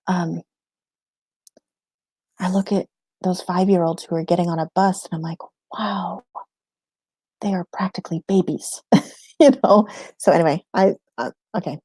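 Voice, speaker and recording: A woman's voice: on the low side, mellow, no echo. A woman in a casual livestream chat, answering viewer questions about homeschooling, rambling and laughing often mid-sentence.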